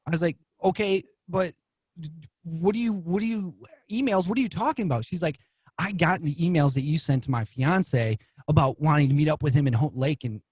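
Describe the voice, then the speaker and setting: A man's voice: a little fast, slightly rough, no echo. A man, a guest on a podcast, telling a story casually and acting out the quoted lines with his voice jumping up. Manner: animated, acts out quoted lines with rising pitch.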